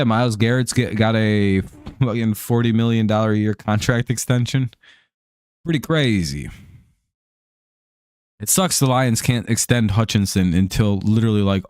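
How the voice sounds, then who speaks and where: An American man calls plays and rambles casually through a live stream, swearing and filling gaps with "like" and "um". His voice sits on the low side. The sound is dry and close, with almost no room echo. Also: a little mellow. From United States. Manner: rambling, profane, heavy on fillers. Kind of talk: casual chat over a live baseball game.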